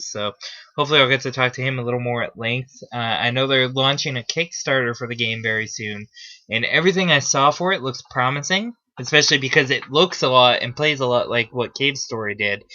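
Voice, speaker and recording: A man hosting a gaming vlog talks off the cuff in a medium-pitched, sharp-toned voice, with dull audio. His casual, unscripted chat rambles, with frequent fillers and restarts.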